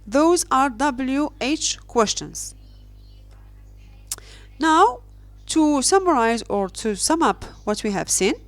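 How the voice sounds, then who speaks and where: A woman's voice: on the high side, no room sound. Woman, grammar lesson, careful repetition, dry close sound, faint music bed. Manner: slow, careful, repeats example sentences. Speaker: English teacher.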